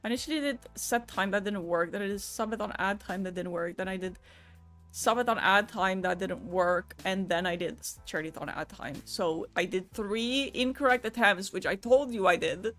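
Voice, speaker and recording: A woman's voice: mid-range voice, normal speed, a bit bright, faint music behind. A woman chatting casually on a live stream, laughing often, swearing now and then and switching between languages.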